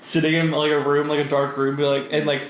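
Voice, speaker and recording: A man's voice: fairly high pitch, little pitch movement, quick pace. A man co-hosting a casual podcast chat, stoned, giggling and swearing as he talks. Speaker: podcast co-host. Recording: echoey room with faint noise.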